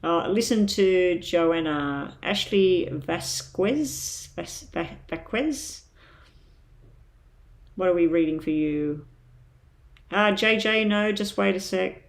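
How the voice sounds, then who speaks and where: Irish woman in her fifties, tarot reader on a live stream, creaky voice, chatty and full of ums. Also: on the low side, slow pace. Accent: Irish with a slight British tinge. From Ireland. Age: 50s. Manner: rambling, chatty, many ums.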